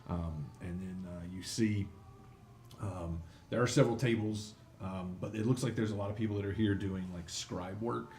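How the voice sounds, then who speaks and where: A man narrates a tabletop game as its game master, wandering through his descriptions with plenty of fillers. His voice is low and gravelly. The room is echoey, with a faint hiss. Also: fairly even intonation, normal speed, a little mellow. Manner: rambling, many fillers. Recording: echoey room, some noise.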